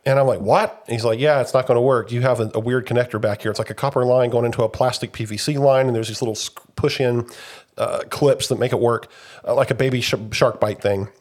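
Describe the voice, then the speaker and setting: Young male podcast co-host, slightly hoarse after illness, rambling and chatty. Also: mid-range voice, fast talker. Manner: rambling storyteller, animated when retelling events. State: recovering from covid, slightly hoarse. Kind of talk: casual chat.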